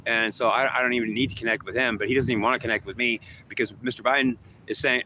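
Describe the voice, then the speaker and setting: A man's voice: medium pitch, fairly even intonation, quick pace, hardly any pauses, bright, forceful tone, slight background noise, rough recording. A man talking in a rambling, repetitive monologue, often restarting his sentences.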